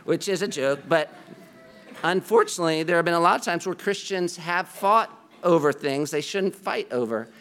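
Guy preaching, kinda high voice, earnest and chatty. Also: moderate pace, a bit bright. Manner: earnest, conversational preaching with a self-deprecating aside. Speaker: pastor. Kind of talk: sermon.

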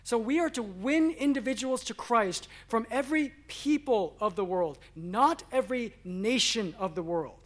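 A pastor preaching a sermon, swinging between emphatic declarations and hushed, quiet asides. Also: male voice, very high-pitched, expressive, moderate pace, hardly any pauses.

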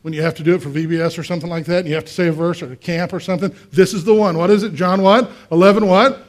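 A male pastor preaching a conversational sermon, asking the congregation questions and swinging between quiet and loud. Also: sits high, fast talker. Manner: acts out voices in quotes, swings from quiet to loud.

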